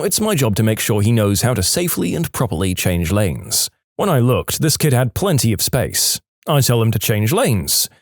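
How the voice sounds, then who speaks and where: A man reading reddit stories aloud, with lively storytelling and punchy asides. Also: mid-range voice, dry recording, studio quality. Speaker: narrator.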